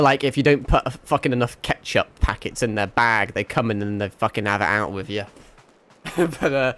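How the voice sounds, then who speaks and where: A man's voice: lowish voice, fairly bright tone. A young man with a mixed northern English accent, chatting casually to his livestream while gaming, rambling, swearing and laughing often. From England. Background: faint background music.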